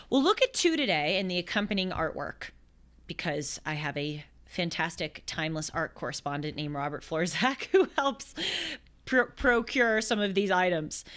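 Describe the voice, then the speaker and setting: A woman in her twenties hosting a show, telling a gospel story in a lively conversational way with quick asides and acted quotes. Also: on the low side. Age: 20s. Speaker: host. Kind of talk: conversational religious commentary.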